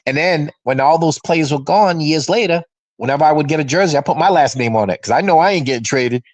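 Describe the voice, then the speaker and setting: A man's voice: on the high side, fast talker, dry recording, low-quality recording. A man in his fifties from Massachusetts, telling stories on a fan show video call and acting out what people said. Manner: animated storyteller who acts out quoted voices. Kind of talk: casual storytelling chat.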